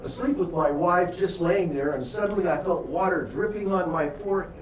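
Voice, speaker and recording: A pompous husband describing water dripping on him at night, as a lecturer mimics him. The voice stays close to the speaker's own, fairly high for a man. It is heard from afar in a reverberant room. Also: fairly quick, a little hiss or hum, natural voice. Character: pompous husband recalling a leak. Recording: echoey room, distant mic.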